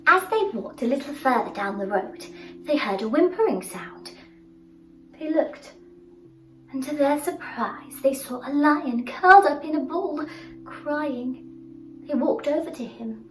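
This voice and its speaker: High-voiced woman telling a children's story. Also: measured pace, far from the mic, a little hiss or hum. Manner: expressive, exclaiming, sing-song. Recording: roomy sound from off-mic, faint music.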